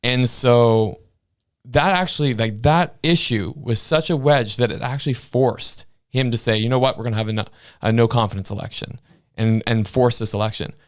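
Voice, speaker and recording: Speaking at medium pitch and normal speed, a Maritime Canadian man co-hosts a political commentary podcast. His chat is blunt, passionate and laced with crude humor.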